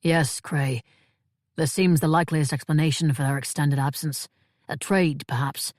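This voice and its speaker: A woman voicing a wise, calm male monk in an audiobook, speaking in a measured, solemn way. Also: low-pitched, no echo, studio quality, lightly acted. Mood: grave. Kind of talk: audiobook character voice.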